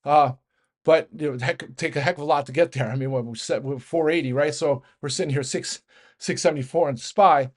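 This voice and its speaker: A man giving a fast, rambling casual market rant as host, with many restarts and fillers. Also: on the high side. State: out of breath. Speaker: market commentator.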